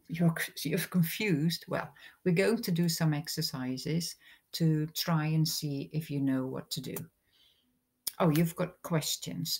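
A woman's voice: sits low, darkish tone, husky. A woman, a teacher patiently explaining English grammar in a recorded lesson. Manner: slow, patient explaining with examples.

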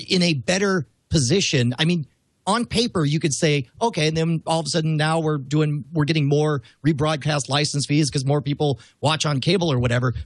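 A man's voice: on the high side, husky, no echo. A man co-hosting a tech news podcast in a chatty, hedging way with many fillers. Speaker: podcast co-host. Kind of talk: casual tech news discussion.

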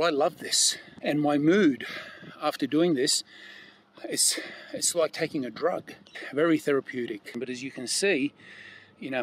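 A man talks to the camera while climbing stairs outside by the water, out of breath but enthusiastic, puffing between phrases. His voice sits at an ordinary middle pitch, and a faint outdoor hum runs under it. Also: a bit bright. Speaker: fitness vlogger. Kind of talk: casual vlog narration while exercising.

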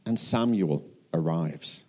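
Animated English man preaching a sermon. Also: sits low, slow. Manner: animated storytelling, acting out scripture voices. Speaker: pastor.

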